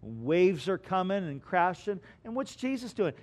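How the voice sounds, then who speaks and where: A man preaching a sermon as pastor, asking his congregation questions and swinging from hushed lines to loud bursts. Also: high voice, big pitch swings, moderate pace, hardly any pauses. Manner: preaching with dramatic swings between quiet and loud; asks the congregation rhetorical questions.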